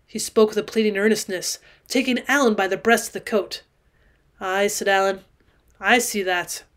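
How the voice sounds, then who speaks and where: A woman's voice: mid-range voice, fairly even intonation, normal speed, fairly bright tone. Woman reading a classic novel aloud. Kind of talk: audiobook narration of a classic novel.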